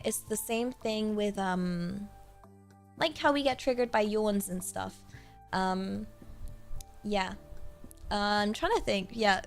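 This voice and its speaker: Chatty rambling woman streamer, light voice. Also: fairly high pitch. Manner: chatty, rambling, many fillers. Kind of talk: casual livestream chat.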